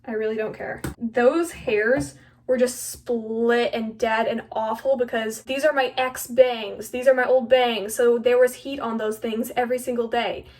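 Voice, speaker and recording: A teenage girl with a bright, high voice rambles nervously and jokes at her own expense while filming on a phone. She sits a little back from the mic, so the sound is slightly distant. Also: fairly even intonation, unhurried. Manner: chatty, flustered, self-mocking, lots of "like". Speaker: vlogger. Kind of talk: casual chat while cutting her own hair. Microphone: phone camera.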